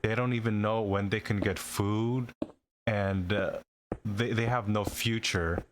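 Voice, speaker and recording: A man's voice: on the low side, fairly even intonation, measured pace, slight background noise. A man co-hosting a live stream, telling a story in an exasperated, casual way. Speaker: co-host. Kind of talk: casual chat.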